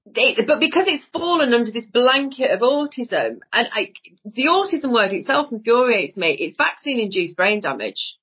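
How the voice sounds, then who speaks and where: A woman's voice: a little high, very animated, moderate pace, breathy edge. A woman with a Northern English accent, talking in a blunt, emphatic way as a guest in a casual podcast conversation, and she swears freely. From Northern England. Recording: dull lo-fi audio.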